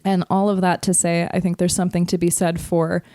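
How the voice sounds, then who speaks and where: Animated, swearing woman storyteller. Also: on the low side, brisk, dry recording, clean studio sound. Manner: animated storyteller, swears freely, laughs often. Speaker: podcast co-host. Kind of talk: casual chat, storytelling.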